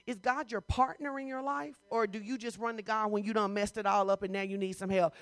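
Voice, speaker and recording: A woman pastor preaching a sermon in a conversational style, full of rhetorical questions and rising to loud, emphatic bursts. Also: on the high side, moderate pace, no room sound.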